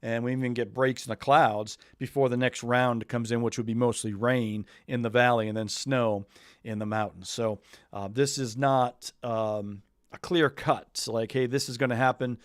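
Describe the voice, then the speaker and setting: A man's voice: mid-range voice, steady tone, normal speed, dry recording, clean studio sound. A man from New England hosting a weather show, talking loosely and chattily and thinking aloud as he walks through the forecast. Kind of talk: casual live weather talk.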